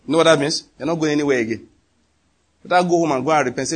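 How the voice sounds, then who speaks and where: A man with a Nigerian accent preaching a sermon, emphatic and animated, often acting out what people say. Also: on the high side, rapid-fire, pauses often, slightly rough. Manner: animated, emphatic, slips into acted quotes.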